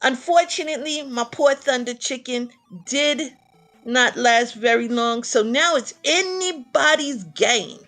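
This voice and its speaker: Woman, New York accent, excitable game commentator, laughs a lot, slightly high voice. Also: unhurried, soft background music. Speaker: tournament commentator.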